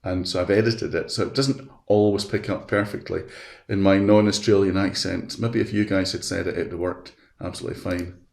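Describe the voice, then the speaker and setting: Male webinar presenter, low gravelly voice, talks through each click in a chatty way, roomy echo. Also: level tone, brisk, few pauses, a little mellow. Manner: chatty, walks through steps aloud. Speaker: education specialist presenting a webinar. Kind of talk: live software demonstration. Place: at his computer.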